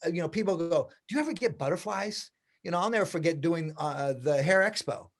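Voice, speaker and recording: A man in his sixties, a hairdressing educator, telling stories in a casual interview and acting out the quoted dialogue with lively energy. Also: a little high, brisk. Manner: animated, acts out quoted dialogue.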